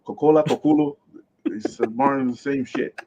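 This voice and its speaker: A man's voice: medium pitch, a little fast, dark tone. Man, podcast co-host, casual, stumbles on names, muffled lo-fi sound. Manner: stumbles over names, laughs often. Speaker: podcast co-host presenting comics segment. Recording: slightly muffled lo-fi mic.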